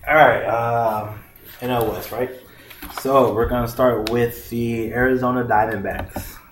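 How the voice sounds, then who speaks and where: A man's voice: medium pitch, steady tone, a little slow, a little hiss or hum. A man co-hosting a casual sports podcast, chatty and rambling, who often cuts himself off mid-sentence. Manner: chatty, rambling, self-interrupting. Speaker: podcast co-host, sports analyst. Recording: echoey room.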